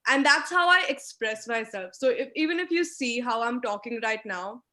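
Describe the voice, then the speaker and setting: Guest lecturing on mooting online, a young woman speaks at normal speed in a slightly high, sharp voice with lively intonation. Emphatic and instructive, she talks with her hands throughout the video call.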